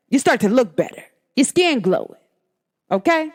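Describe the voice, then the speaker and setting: A young woman with a New Jersey–New York accent hosting a solo podcast, talking in an animated, emphatic and slangy way. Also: sits high, a little slow. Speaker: podcast host. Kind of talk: casual solo podcast monologue.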